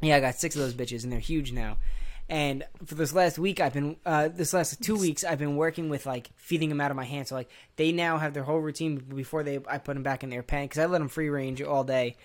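Young male podcast co-host, laid-back, rambling, lots of filler, relaxed casual talk. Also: mid-range voice. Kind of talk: casual chat.

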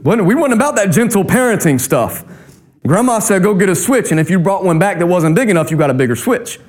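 Pastor guy, kinda high voice, chatty funny sermon stories. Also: expressive, a little fast. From North Carolina. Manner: conversational storytelling, humorous.

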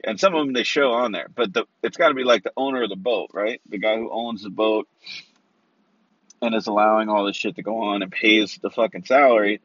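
A man rambles through a profane, casual monologue, peppering his talk with rhetorical asides. His voice sits on the low side. The recording is dry and a little dull. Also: fairly quick, a bit bright, dry recording. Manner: rambling, heavy swearing, rhetorical "right?" asides. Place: Los Angeles area. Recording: dry, slightly dull sound.

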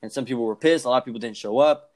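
Young male podcast co-host, rapid casual storyteller, profane, mimics others. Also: mid-range voice, darkish tone. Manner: fast, profane, acts out quoted voices.

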